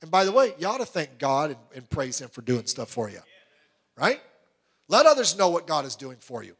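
A pastor with a high, light, slightly breathy voice delivers a sermon at a fairly quick pace. His pitch swings widely as he speaks with strong emphasis, firing one rhetorical question after another at the congregation.

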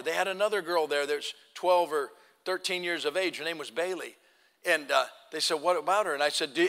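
Male pastor, sermon storytelling, slightly high voice, long reverb of a church hall. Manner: acts out quoted dialogue, swings from loud to hushed.

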